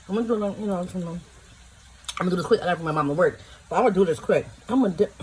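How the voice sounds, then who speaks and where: A woman's voice: fairly low pitch, fast, pauses often, a little mellow, slightly rough, low-quality recording. A woman filming a casual food-tasting vlog at home, chatty and emotional, exclaiming over what she eats. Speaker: vlogger. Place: home, in pajamas.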